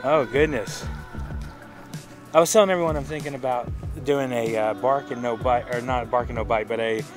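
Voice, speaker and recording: A man's voice: medium pitch, fast, music in the background. A man hosting a casual vlog from home, chatty and rambling, often restarting his phrases. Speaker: vlog host.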